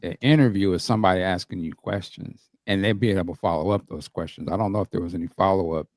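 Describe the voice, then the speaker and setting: Low-voiced questioning man, dry sound. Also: fast talker, no room sound. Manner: relaxed, questioning, loosely phrased with frequent likes. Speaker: podcast co-host. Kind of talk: casual discussion.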